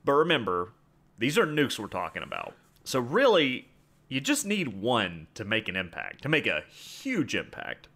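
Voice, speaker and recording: A man leads a history podcast in relaxed chat, breaking up his explanations with wry asides. His pitch swings freely from phrase to phrase, and his tone is bright and forceful. The feel is loose, like friends talking. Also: moderate pace. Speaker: podcast host. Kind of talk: casual history podcast narration.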